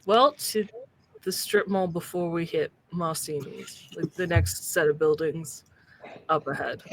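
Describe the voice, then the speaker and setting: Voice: mid-range voice, steady tone, measured pace, fairly bright tone, slight background noise, poor audio. Player talking tactics. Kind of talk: tabletop game chat.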